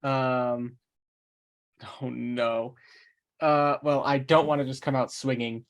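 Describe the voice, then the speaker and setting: A man playing a tabletop game, thinking aloud about rules and his moves in a relaxed way. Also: medium pitch, slow. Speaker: player. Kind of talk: casual tabletop game chat.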